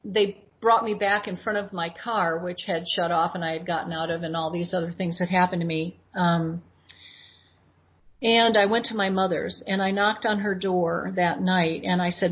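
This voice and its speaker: Woman in her 60s, husky voice, animated storytelling, dull lo-fi recording. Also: fairly low pitch, normal speed. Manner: animated retelling that acts out her own past words. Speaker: guest. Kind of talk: personal storytelling in interview. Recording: dull lo-fi audio.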